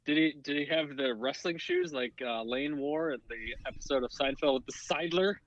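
A man's voice: fairly high pitch, very animated, normal speed, dull audio. A man co-hosting a podcast, chatting casually with wry jokes. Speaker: podcast co-host. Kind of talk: casual chat.

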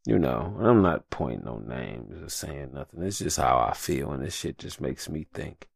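A man's voice: rumbling low, lively intonation, moderate pace, creaky, no echo, clean studio sound. A young adult man hosting a solo podcast, talking in a passionate, profane rant full of slang. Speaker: podcast host.

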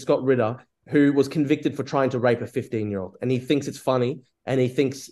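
A man's voice: medium pitch, steady tone, a little fast, few pauses, a little mellow. A man in a heated online debate, repeating accusations against his opponent. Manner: accusing, hammers the same charge again and again.

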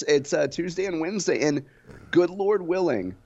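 A man's voice: fairly high pitch, animated, moderate pace, a little mellow, muffled recording. A man in his forties co-hosting a radio talk show, chatty and wry with jokes. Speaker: radio co-host.

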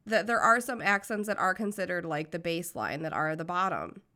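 A woman's voice: lowish voice, animated, a little fast, bright, forceful tone. A woman co-hosting a podcast in casual chat, swearing freely and often trailing off mid-sentence, recorded in a small booth. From United States. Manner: swears a lot, trails off and restarts. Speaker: podcast co-host.

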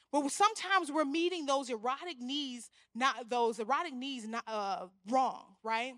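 A young woman preaching a sermon, animated, often acting out the voices she quotes. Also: high voice, measured pace, few pauses, no echo, studio quality. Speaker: guest speaker.

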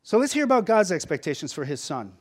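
A man's voice: sits high, sing-song, fast. A man preaching a sermon as pastor, conversational and emphatic, often checking in with the listeners.

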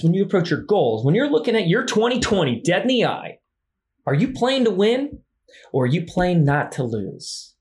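A man's voice: on the high side, a little mellow. A man hosting a podcast who talks emphatically and repeats key phrases for effect. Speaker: podcast host. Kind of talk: enthusiastic podcast interview.

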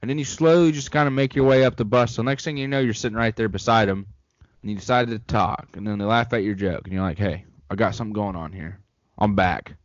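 A man's voice: medium pitch, steady tone, fast, no room sound, muffled recording. A young man co-hosting a casual sports podcast, rambling and joking as he gives his opinions. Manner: laid-back, rambling, jokey. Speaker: podcast co-host.

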